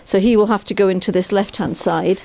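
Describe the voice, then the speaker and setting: A woman's voice: medium pitch, fairly even intonation, a little fast, gravelly, a little mellow, slight background noise. A woman who trains horses, talking through a session outdoors beside a trailer and coaxing the animal along with upbeat praise. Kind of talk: explaining training while working.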